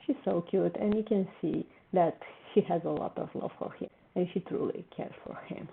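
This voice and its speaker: A woman's voice: fairly low pitch, normal speed, vocal fry. Emotional woman reacting over a tinny line. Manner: emotional, exclaims and repeats words when upset. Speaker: reaction video host. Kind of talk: casual reaction commentary. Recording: tinny phone-like sound with faint noise.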